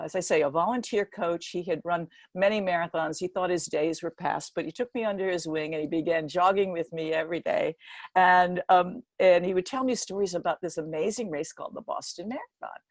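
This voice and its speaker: Older woman in her 70s, motivational speaker, animated storyteller, lowish voice, dry close sound. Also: dry recording. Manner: lively storyteller who acts out the quoted voices. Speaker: guest speaker.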